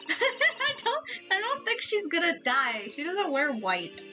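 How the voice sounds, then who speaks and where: A woman game streamer chatting casually while she plays, excitable and giggly, swearing casually. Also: very high-pitched.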